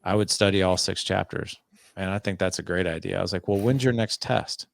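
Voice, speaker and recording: Deep, gravelly man telling parenting stories. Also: brisk, no echo, clean studio sound. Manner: animated, acts out both sides of dialogues. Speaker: podcast guest, fatherhood coach. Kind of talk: conversational interview storytelling.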